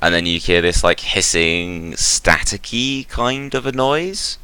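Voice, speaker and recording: Very deep-voiced game master narrating. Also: male voice, expressive, takes it slowly, pushed and bright, clean tone, dry recording. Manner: casual, rambling narration with fillers.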